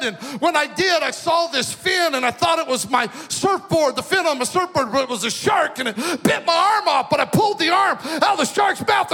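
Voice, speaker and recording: Casting: male youth preacher, high bright voice, comic storyteller who builds to shouting, big reverberant hall. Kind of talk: humorous sermon with stories. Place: large hall with an audience.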